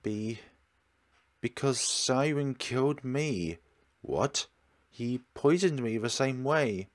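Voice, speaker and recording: A man voicing a timid ghost girl, raised pitch. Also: takes it slowly, lightly acted. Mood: shaken. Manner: soft, remorseful, hesitant.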